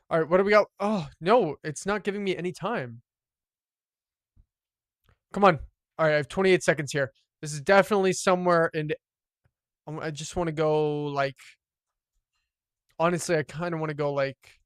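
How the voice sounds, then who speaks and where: Commenting on his live gameplay at normal speed with long pauses, a man brags and curses, shifting from loud excitement to low mutters. The sound is clean studio quality with no echo.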